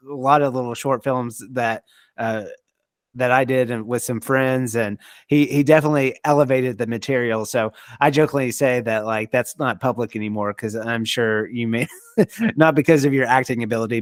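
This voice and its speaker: A man's voice: mid-range voice, no echo, clean studio sound. A man hosting a podcast, friendly and a little hesitant, with many fillers and restarts. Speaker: podcast host. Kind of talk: casual chat.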